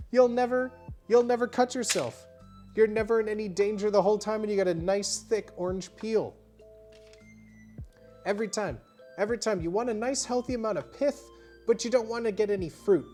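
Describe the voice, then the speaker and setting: A woman's voice: medium pitch, warm tone. A tipsy woman streaming live as a bartender, chatty and rambling with many fillers as she shows how to make a cocktail. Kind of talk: casual livestream cocktail demo. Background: faint music.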